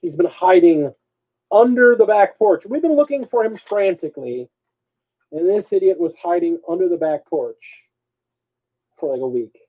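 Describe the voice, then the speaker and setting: A man co-hosting a live show, telling a story in a casual, animated way. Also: high-pitched, normal speed, narrow, tinny audio. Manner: animated, swings between mutters and loud bursts. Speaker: co-host.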